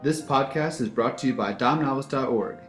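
A man reading podcast closing credits in a measured, formal way. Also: medium pitch. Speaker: podcast announcer. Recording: echoey room with music.

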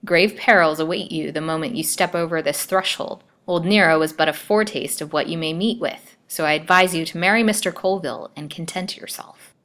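A woman voicing a gruff, grim old witch who keeps a girl captive, speaking curtly and with menace. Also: low voice, fairly quick, few pauses, a bit bright. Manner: curt and menacing.

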